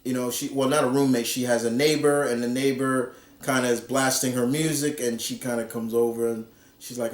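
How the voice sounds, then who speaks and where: A man's voice: medium pitch, fairly even intonation, moderate pace. A man casually reviewing a comic book, rambling with lots of fillers and restarts. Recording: roomy echo.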